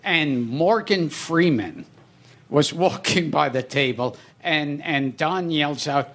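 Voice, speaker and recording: A man's voice: fairly high pitch, slow, a bit bright, slight background noise. A man hosting a podcast, trading show-business anecdotes in casual comedy chat and building each story up to its punchline. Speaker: podcast host.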